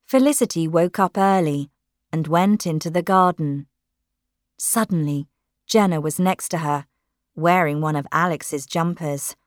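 A woman reading a storybook aloud in a measured, clear way. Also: low voice, no echo, clean studio sound.

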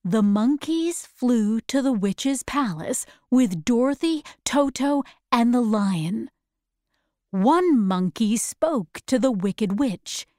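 A woman narrating a storybook chapter in clear, deliberate, simple phrasing. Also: a little high, expressive, darkish tone, dry recording, studio quality. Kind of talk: slow storybook read-aloud.

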